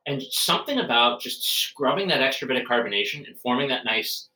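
A man's voice: medium pitch, expressive, a little fast, pushed and bright. A man who works as a brewer, chatting casually and at length, rambling with fillers and restarts. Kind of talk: casual podcast chat. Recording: roomy, distant from the mic.

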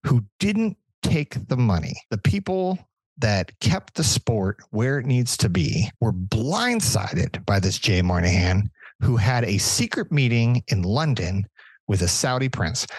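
A man's voice: medium pitch, breathy edge, dry recording, poor audio. Furious, profane man ranting on a podcast. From Southern California. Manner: angry, profane, animated ranting. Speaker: podcast co-host. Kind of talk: casual podcast rant.

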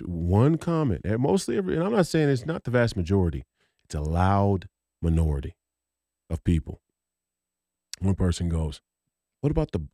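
Heated, rambling low-voiced man. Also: warm tone, no room sound, clean studio sound. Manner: heated, rambling, profane, many restarts. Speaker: podcast co-host. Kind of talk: casual political chat.

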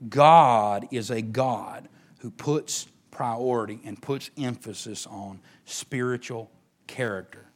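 A middle-aged man, preaching a sermon as pastor, swinging between emphatic rises and hushed near-whispers. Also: on the low side, slight background noise.

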